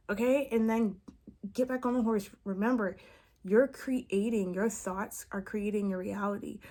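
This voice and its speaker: A woman's voice: fairly high pitch, a little mellow. Blunt, swearing woman coaching on camera. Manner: frank and blunt, swears freely; emphatic, keeps checking in with "okay?". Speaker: manifestation coach. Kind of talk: impromptu casual vlog talk.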